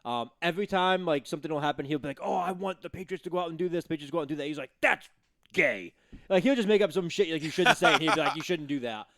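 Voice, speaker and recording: Fast-talking blunt male podcast co-host. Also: a little high, a bit bright, no room sound. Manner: fast, blunt, profane storytelling. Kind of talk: casual chat. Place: studio.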